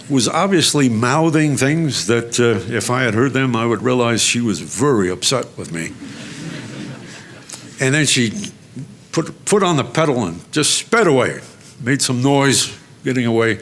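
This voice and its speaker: A man's voice: mid-range voice, fairly bright tone, a little hiss or hum. A man giving a lecture. He tells personal stories in a chatty, self-mocking way, with asides and restarts. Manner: self-mocking storyteller, draws laughs. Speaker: guest lecturer. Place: lecture hall.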